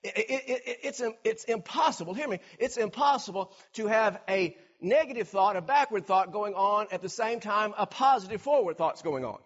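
A man preaching a sermon, animated, acting out everyday scenes and repeating words for emphasis. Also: sits high, moderate pace, few pauses, muffled recording. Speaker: pastor.

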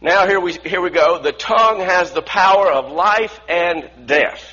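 A man's voice: high voice, measured pace, bright, forceful tone, dull audio. A man preaching a sermon earnestly, often restarting phrases and asking the congregation to repeat lines after him.

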